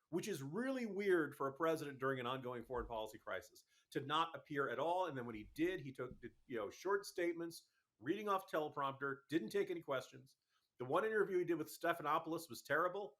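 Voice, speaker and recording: A political commentator appears as a guest on talk radio, pressing his points quickly and emphatically with an exasperated edge throughout. His voice is pitched a little above the usual male range, animated and a bit bright.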